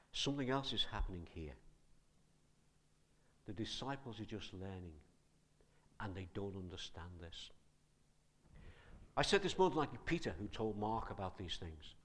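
A man preaching a sermon in a conversational, animated way, asking his listeners many questions. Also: low-pitched.

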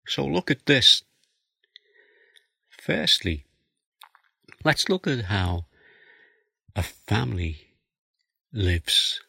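A man's voice: on the low side, sing-song, very slow, gravelly, long pauses, sharp tone, breathy edge, dry recording. A man preaching a sermon, explaining a passage of scripture verse by verse and reading it aloud. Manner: expository, reads scripture aloud.

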